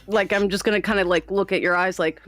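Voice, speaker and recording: A woman player at a tabletop game, talking quickly and playfully, often restarting her sentences. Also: medium pitch, steady tone, fairly bright tone, slight background noise.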